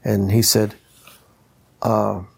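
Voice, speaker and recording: A man's voice: on the low side, very slow, gravelly, husky. An older man, a retired trumpeter and instrument designer, telling stories and acting out the voices in them. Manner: animated, mimics voices in quoted dialogue. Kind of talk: anecdotal storytelling.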